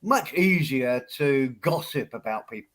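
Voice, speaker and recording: A man's voice: mid-range voice, expressive, unhurried, a bit bright. A man in a casual chat, speaking in a wry, understated way. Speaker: podcast co-host.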